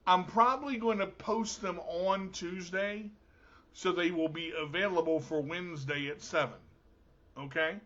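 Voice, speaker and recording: A man hosts his own show with an unhurried, playful, joking delivery. His voice sits high and bright. The recording sounds dull and lo-fi. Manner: jokey, playful storyteller. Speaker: show host. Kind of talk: casual podcast talk.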